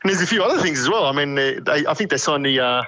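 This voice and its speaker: A man joining a casual podcast chat, speaking hesitantly with many pauses and uhs. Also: on the high side, lively intonation, bright, forceful tone.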